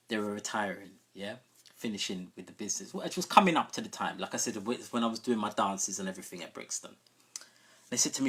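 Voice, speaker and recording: Husky man telling a story. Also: fairly low pitch, fairly bright tone. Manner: conversational, often checking in with listeners. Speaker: sound system host. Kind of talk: casual live-stream storytelling.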